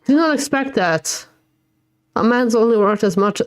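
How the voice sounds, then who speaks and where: A woman's voice: a little high, expressive, measured pace, no echo. A young adult woman streaming a game live, reading the dialogue aloud and reacting emotionally between lines.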